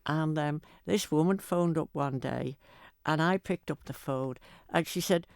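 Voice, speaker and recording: A woman's voice: sits low, unhurried, darkish tone, no echo, studio quality. An older woman with a Manx accent, a guest telling self-mocking anecdotes in a casual interview. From Isle of Man. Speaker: guest entertainer.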